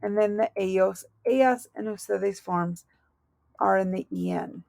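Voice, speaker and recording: A woman explains verb conjugations at an unhurried, deliberate pace, her voice carrying a gravelly edge. She spells out each ending letter by letter with patient, steady care. The recording is dry and close, with no room echo. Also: medium pitch. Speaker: Spanish teacher. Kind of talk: recorded classroom lesson.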